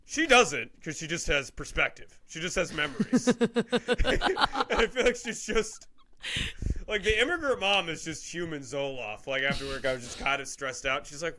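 A young man with a bright, slightly high voice, chatting loosely on a comedy podcast. He laughs a lot and leaps up in pitch whenever he acts out what someone said. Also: sing-song, moderate pace, slight background noise. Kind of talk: casual comedic chat.

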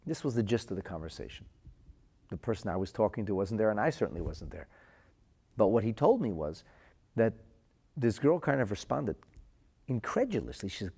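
A low, mellow male voice gives a religious lesson as an earnest story. His voice is slightly husky, and his pitch rises and falls widely. He often repeats words to stress them. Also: animated, normal speed, long pauses. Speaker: Torah teacher.

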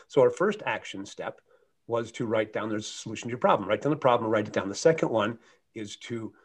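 A middle-aged man from the United States speaks as a motivational guest, his voice husky and mid-pitched. He tells his story earnestly, with lively swings in loudness. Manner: earnest, animated anecdote with shifting loudness.

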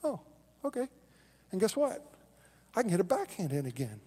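Animated high-voiced preacher in a reverberant hall. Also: male voice, normal speed, breathy edge. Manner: animated storytelling, acting out quoted voices, then dropping to soft earnest lows. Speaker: pastor. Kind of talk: sermon. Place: church sanctuary.

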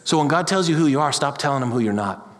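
A pastor preaching a sermon with passion, building his voice up to loud peaks. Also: mid-range voice, lively intonation, fast. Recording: large hall with long reverb.

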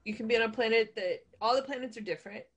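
A woman's voice: on the high side, very fast. A woman co-hosting a podcast, chatting eagerly about playing the game and often checking for agreement. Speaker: podcast co-host and player. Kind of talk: casual chat.

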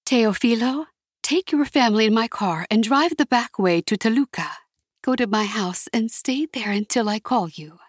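A woman reading a firm, commanding woman leader who speaks with urgency, with a slightly husky voice. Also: a little high, lively intonation, normal speed, dry recording, studio quality. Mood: urgent.

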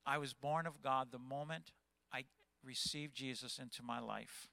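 Impassioned bright-voiced pastor in his fifties. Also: medium pitch, steady tone, normal speed, creaky, no echo. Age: 50s. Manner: impassioned, agitated preaching. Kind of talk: sermon.

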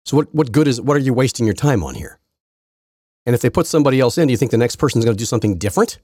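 Low raspy guy ranting on his podcast, sarcastic, bouncy pitch, dry close sound. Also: animated, rapid-fire, darkish tone, no echo. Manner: rambling, sarcastic, frequent restarts. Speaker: podcast host. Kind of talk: casual political commentary.

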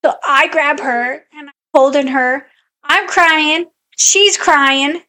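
A woman's voice: high voice, slow pace, sharp tone. A woman podcast co-host in casual chat, animatedly telling a story and acting out her own quotes.

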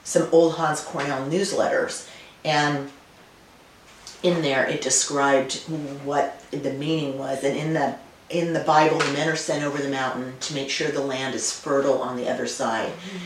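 A woman's voice: rumbling low, fairly even intonation, normal speed. A middle-aged woman winemaker, a guest telling family stories in a casual interview, with many fillers and restarts. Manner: warm storytelling with frequent fillers and restarts. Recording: roomy and distant, faint noise.

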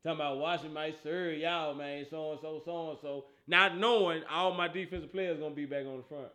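High bright-voiced man ranting about football. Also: fairly quick. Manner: animated, teasing, repeats himself, laughs often. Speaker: sports talk host. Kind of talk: casual sports talk rant.

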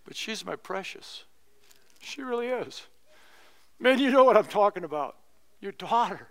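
Middle-aged pastor guy preaching, high smooth voice, chatty funny storytelling. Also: animated, unhurried, fairly bright tone. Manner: conversational storytelling with humor. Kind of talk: sermon.

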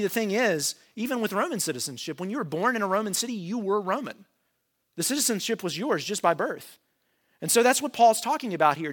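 A male pastor delivering a conversational sermon, full of rhetorical questions and quick restarts. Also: high voice, pushed and bright.

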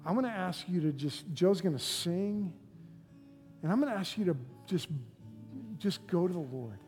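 A pastor preaching a sermon and giving an altar invitation, swinging from loud pleading to hushed, near-whispered lines. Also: mid-range voice, expressive, moderate pace. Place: church sanctuary with live congregation. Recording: long hall reverb with faint music.

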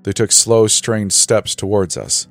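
A man reads a scripted horror story in a measured, dramatic way. His voice sits very low, and faint music runs underneath. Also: expressive.

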